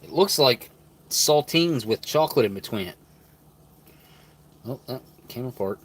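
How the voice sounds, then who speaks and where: A man in the middle of his range talks easily to a live audience while he opens wrappers and tries food. He muses out loud in a relaxed, unhurried way, sometimes mid-chew. Faint room noise sits under his voice. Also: mid-range voice. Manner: relaxed, thinks aloud, talks with mouth full. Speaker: channel host reviewing rations. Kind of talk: casual live-stream chat while tasting food.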